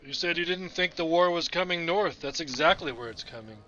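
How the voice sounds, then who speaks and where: Man, tabletop player, casual chat, bright tone, lo-fi sound. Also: a little high, a little fast, a little hiss or hum. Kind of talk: playing a tabletop game.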